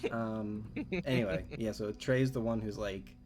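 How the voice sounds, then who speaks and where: A man running a tabletop campaign in a slightly low voice. He hesitates often, filling gaps with "um" and "like" as he explains rules. Clear background music plays throughout. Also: fairly even intonation, unhurried. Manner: hesitant, lots of "um" and "like". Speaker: game master. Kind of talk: narrating a tabletop game.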